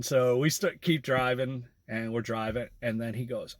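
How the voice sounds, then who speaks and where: A man's voice: medium pitch, a little slow, few pauses, no room sound. A man who drives for a rideshare app, casually telling a story about a fare in a chatty vlog style, with bursts of laughter. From US Midwest. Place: in a parked car by a road.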